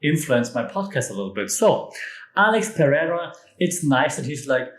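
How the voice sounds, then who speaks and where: A man's voice: fairly high pitch, big pitch swings, moderate pace, a bit bright. A man from Europe hosting a solo podcast, talking casually with enthusiasm, emphatic jokey asides and restarts. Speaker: podcast host. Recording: echoey room.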